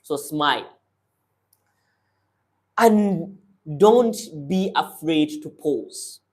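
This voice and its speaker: A man's voice: on the high side, expressive, drawn-out words. Man coaching with short direct commands. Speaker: public speaking coach. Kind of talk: motivational speaking lesson.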